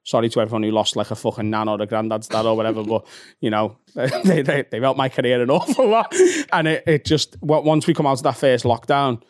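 Fast-talking Scouse man, sweary storyteller. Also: medium pitch, no room sound, clean studio sound. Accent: Liverpool (Scouse). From Liverpool, England. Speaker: stand-up comedian, podcast guest. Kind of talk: casual chat.

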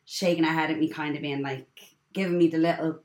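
A woman's voice: deep voice, quick pace. A woman in her twenties with an Irish accent, telling a personal story as a guest in casual chat, acting out what others said. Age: 20s. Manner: animated storyteller, acts out others' lines. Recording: echoey room.

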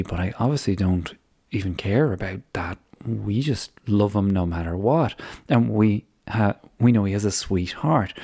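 Low-voiced joking man hosting a podcast. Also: a little mellow. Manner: jokey, easygoing. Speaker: podcast host. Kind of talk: casual podcast chat, reading listener emails.

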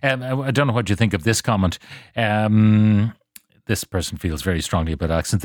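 An older man hosting a radio interview, speaking in a measured, hesitant, thoughtful way. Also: on the low side, dry recording, clean studio sound. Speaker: radio host.

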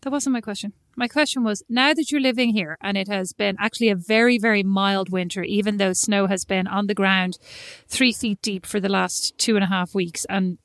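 An Irish woman in her early forties co-hosting a podcast, telling stories in casual chat with lively, animated delivery. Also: medium pitch, moderate pace, hardly any pauses, no room sound, clean studio sound. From Ireland. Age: early 40s. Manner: chatty, animated storyteller with frequent laughs. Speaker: podcast co-host.

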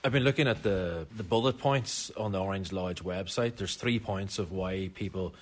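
A man reporting the news, measured and questioning as he interviews people on the street. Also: sits low.

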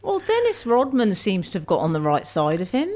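A woman's voice: medium pitch, wildly swooping pitch, a little fast, darkish tone. A woman co-hosting a casual radio chat from home, chatty and teasing. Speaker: radio co-host. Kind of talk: casual banter.

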